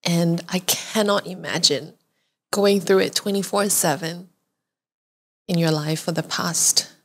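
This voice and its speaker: A woman's voice: on the low side, fairly even intonation, a little slow, fairly bright tone, breathy edge. A young woman hosting a podcast interview, talking in an earnest, emotional and affirming way. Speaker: podcast host.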